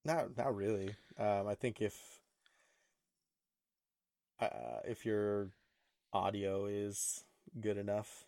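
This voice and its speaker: A young man talks in a loose, joking podcast chat, his voice sitting a little low. He laughs often and stumbles into restarts. The sound is close and dry, with no room around it. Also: flat delivery, takes it slowly, long pauses, darkish tone, no room sound. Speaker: podcast co-host. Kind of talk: casual chat.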